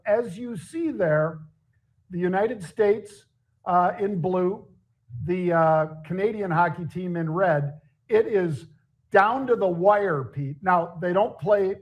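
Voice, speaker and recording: A middle-aged man with a high voice co-hosts a casual market talk show. He is chatty and jokey, and now and then he laughs at his own stories. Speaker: show co-host.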